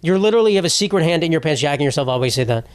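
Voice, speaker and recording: A young man in his twenties hosts a podcast, delivering a rambling, profane comedic monologue with frequent restarts. His voice is a little high, animated, and very fast, in a dry recording.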